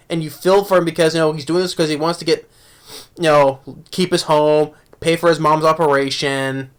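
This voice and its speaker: A young man casually reviewing a movie, rambling with many restarts and laughs. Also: fairly high pitch.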